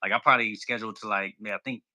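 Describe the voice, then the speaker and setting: A man's voice: fairly low pitch, fairly even intonation, very fast, pushed and bright. A bubbly, extroverted man chatting casually as a podcast guest. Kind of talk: casual chat.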